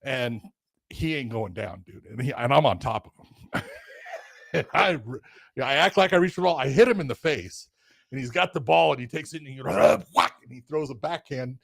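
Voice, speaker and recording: An older man co-hosting a podcast who tells stories in a casual, animated way, swearing now and then and acting out the voices of the people he quotes. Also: medium pitch, brisk, creaky, no room sound, studio quality. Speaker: podcast co-host, former referee. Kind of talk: casual storytelling chat.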